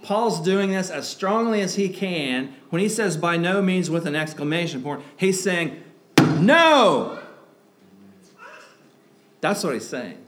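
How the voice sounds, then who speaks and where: A man's voice: high voice, expressive, normal speed, slight background noise. A man preaching a sermon in a conversational way, asking rhetorical questions and breaking into emphatic outbursts. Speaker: pastor.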